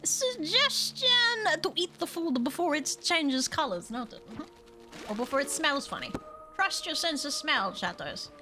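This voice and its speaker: Woman, game streamer, high voice, wildly swooping pitch, excitable, swears a lot, game music playing behind. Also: unhurried. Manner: excitable, swears freely, frequent squeals. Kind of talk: live gameplay commentary.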